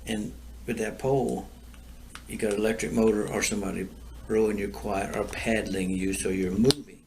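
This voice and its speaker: An older man with a low, gravelly voice tells rambling stories, circling back over the same lines and chuckling at his own punchlines. He talks in a loose, easy chat recorded outdoors, with a faint hiss of noise underneath. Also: fairly even intonation, moderate pace. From Florida. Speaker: storyteller guest. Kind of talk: casual storytelling chat.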